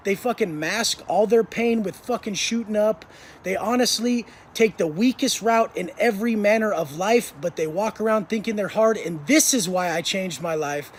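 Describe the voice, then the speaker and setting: A man's voice: high voice, moderate pace, a little hiss or hum. A man telling prison stories in an intense, blunt monologue, swearing heavily. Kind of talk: profane storytelling monologue.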